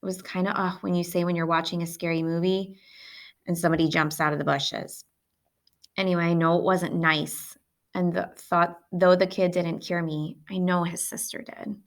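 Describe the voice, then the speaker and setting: Woman reading a book out loud, lowish voice with some fry. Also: little pitch movement, moderate pace. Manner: plain first-person narration. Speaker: audiobook reader. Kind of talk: reading a novel aloud.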